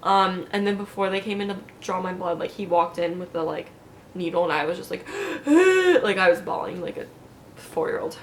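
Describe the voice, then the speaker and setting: A woman's voice: on the low side, little pitch movement, a little fast, a little hiss or hum. A young woman recovering from surgery tells her story in a chatty, casual vlog, full of "like" and quoted asides, laughing often. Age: young adult. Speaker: vlogger.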